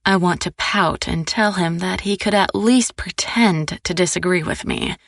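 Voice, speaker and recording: A woman narrating a first-person romance audiobook in an intimate, soft-spoken way. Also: lowish voice, measured pace, gravelly, no echo, clean studio sound.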